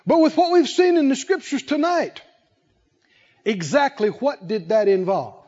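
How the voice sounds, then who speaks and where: A male preacher giving a sermon to a congregation, animated and playful, often laughing and acting out scenes. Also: very high voice, a little slow, highs cut off. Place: church service with congregation.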